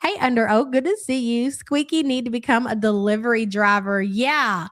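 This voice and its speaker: A young woman doing live reaction commentary, her voice sitting fairly high. She talks bluntly and sarcastically and swears freely, reading out viewer messages between her remarks. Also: normal speed. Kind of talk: casual live-stream commentary.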